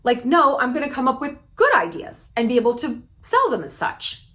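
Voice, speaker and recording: Woman, 30s, slightly high voice; blunt, sweary, emphatic advice to camera. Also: huge pitch swings, moderate pace, fairly bright tone. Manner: blunt and emphatic, swears freely, dramatic pitch swings. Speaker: YouTube commentator. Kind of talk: direct-to-camera advice talk.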